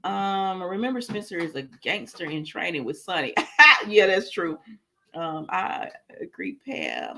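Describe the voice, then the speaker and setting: A woman's voice: lowish voice, big pitch swings, measured pace, creaky, crowd noise. A woman hosting a casual livestream, recapping a soap opera episode, quoting the characters as she goes and answering viewer comments, with frequent laughs and fillers. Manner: laughs often, lots of fillers. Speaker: soap opera review host.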